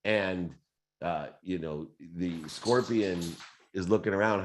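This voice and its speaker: Deep-voiced man in his fifties hosting a live Q&A. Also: measured pace, a little hiss or hum. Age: 50s. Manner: animated, conversational storyteller with fillers. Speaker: host. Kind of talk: live Q&A motivational talk.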